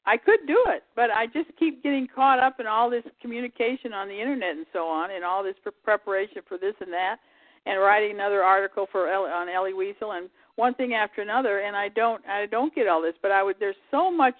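A woman's voice: medium pitch, no echo. Rambling woman on a tinny phone line. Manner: rambling, halting, trails off. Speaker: call-in guest. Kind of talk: casual radio call-in chat.

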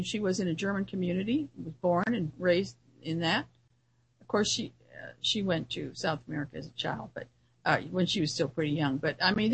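A woman's voice: medium pitch, bright, forceful tone, slight background noise, poor audio. A woman who hosts a radio show, giving an earnest solo commentary in a musing way, often restarting her sentences.

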